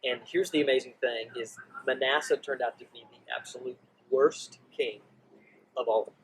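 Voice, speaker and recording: A man teaching a Bible story in a casual, animated way, acting out the quotes. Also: mid-range voice, moderate pace, a little hiss or hum, poor audio. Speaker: youth ministry teacher.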